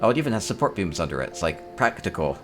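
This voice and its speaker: With music playing in the background, a man guides a casual tour of player homes in a game, his low voice quick and sing-song. He keeps things upbeat, thinks aloud, and chuckles lightly.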